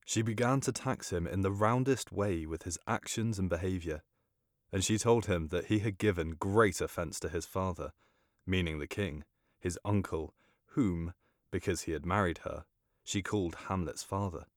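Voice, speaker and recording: Low-pitched male narrator, measured formal storybook reading, dry close mic. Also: dry recording.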